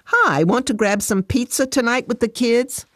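Brief: woman reader as a patient friend, gentle and careful, a bit brighter than the narration. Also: fairly high pitch, moderate pace, no room sound, studio quality, pitched above the performer's own voice, natural voice. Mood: cautious, caring. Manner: careful and soothing. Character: patient, cautious female friend.

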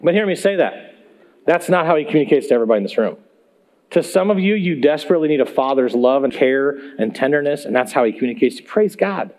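A man's voice: on the high side, expressive, fast, darkish tone. A man preaching in a church, talking conversationally to the congregation with emphatic rhetorical questions. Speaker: pastor. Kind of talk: sermon. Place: church sanctuary.

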